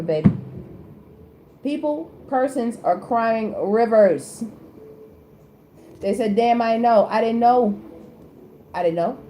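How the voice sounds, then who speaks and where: A woman's voice: a little high, dark tone, reverberant, slight background noise. A woman host giving a casual tarot reading to camera, chatty and teasing, laughing often and talking in loose slang. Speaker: tarot reader and channel host.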